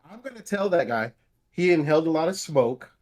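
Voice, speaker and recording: Calm man playing a tabletop game. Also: on the high side, brisk. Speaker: player.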